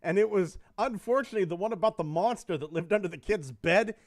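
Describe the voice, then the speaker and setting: A male podcast host telling stories in casual chat, animated and swearing often. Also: high voice, quick pace.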